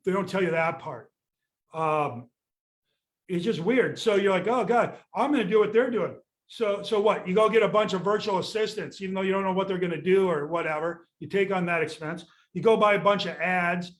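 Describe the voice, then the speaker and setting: Blunt, exasperated older man. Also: high-pitched. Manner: blunt, exasperated, swears casually. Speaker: real estate sales coach. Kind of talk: candid podcast rant.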